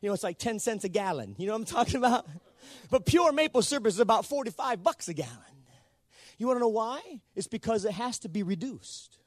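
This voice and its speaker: A man preaching a sermon in an animated way, calling on the congregation for answers. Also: sits high, a little fast, no room sound, clean studio sound. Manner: animated, calls for responses from the congregation.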